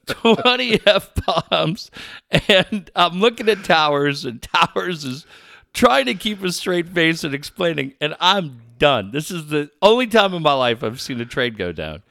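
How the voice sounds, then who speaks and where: A man's voice: on the high side, very animated, measured pace, creaky, bright, forceful tone, no echo, clean studio sound. A middle-aged man hosting a sports talk show, telling a profane story with lots of laughter. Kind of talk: casual storytelling chat.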